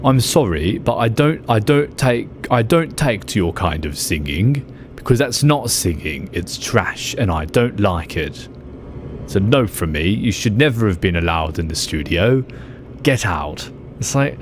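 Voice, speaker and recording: A man's voice: lowish voice, a little hiss or hum. A man voicing a harsh, arrogant male talent-show judge who hands out cutting put-downs.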